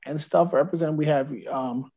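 Gravelly upbeat guy from jersey, kinda higher voice, rambles and repeats himself, dull lo-fi call sound. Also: fairly even intonation, moderate pace, mellow. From New Jersey. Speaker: guest. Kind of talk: casual interview chat.

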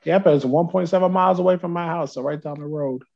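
A man's voice: on the high side, fast, creaky, a little mellow, lo-fi sound. A man from New Jersey, talking as a guest in a casual interview over a remote call, upbeat and rambling, often repeating words.

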